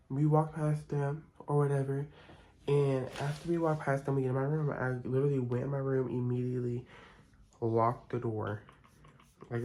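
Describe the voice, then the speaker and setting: A man's voice: mid-range voice, darkish tone, slight background noise, low-quality recording. A young man chatting casually and expressively as he tells a storytime while doing his makeup, with frank, profanity-laced gossip. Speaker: vlogger.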